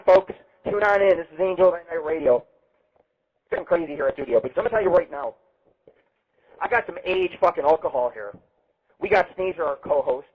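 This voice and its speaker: A brash, boastful man hosts a rambling live internet radio show, cursing freely as he goes. His voice sits a little high and comes through husky. The sound is thin and tinny, like it's passing over a phone line. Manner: brash, boastful and heavily profane. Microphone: webcam setup.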